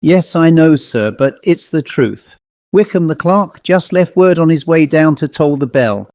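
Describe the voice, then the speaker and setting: A man reading an audiobook and voicing a rector's flustered, chattering housekeeper in a higher, rustic voice. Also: lively intonation, measured pace, darkish tone, no room sound. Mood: agitated. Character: agitated woman, a rector's gossipy housekeeper.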